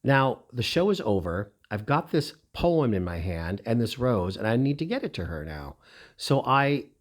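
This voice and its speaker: A middle-aged man telling a personal story in a lively, heartfelt way. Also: medium pitch, moderate pace. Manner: animated, emotional, lively retelling.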